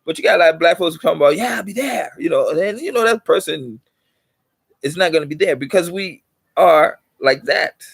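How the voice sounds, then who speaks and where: A middle-aged man lectures his viewers in a loose, rambling monologue, circling back to repeat himself and getting lively to hammer a point home. His voice sits a little high for a man. The sound is close and dry, with no room echo. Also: a little fast, vocal fry. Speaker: channel host.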